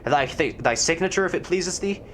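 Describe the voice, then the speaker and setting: A fussy landlady who speaks in stiff, archaic phrases and drags her words out slowly, as a man puts her on. She sounds formal and insistent about getting her way. Her voice sits a little above a normal man's speaking voice. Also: fairly high pitch, expressive, fairly bright tone, slight background noise, pitched above the performer's own voice. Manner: old-fashioned thee-and-thou phrasing, drawn out.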